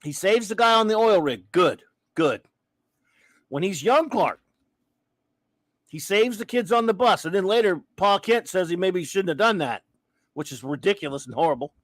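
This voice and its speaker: Male host, high-pitched, dry close sound, rambling livestream rant with chat shout-outs. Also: lively intonation, moderate pace, pauses often, dry recording. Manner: ranting, restarting sentences, reading chat aloud.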